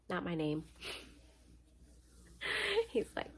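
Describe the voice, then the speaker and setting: A young woman from Florida, tired, telling a personal story in a casual, animated, slangy way. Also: medium pitch, slow, long pauses, a little hiss or hum. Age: young adult. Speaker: vlogger.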